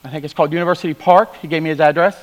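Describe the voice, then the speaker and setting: A man preaching at a revival, telling stories and moving between quiet asides and loud calls to the congregation. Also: a little high, steady tone, racing, dull audio. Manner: storytelling, swings from quiet asides to loud exhortation. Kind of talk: sermon. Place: church sanctuary. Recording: hall reverb.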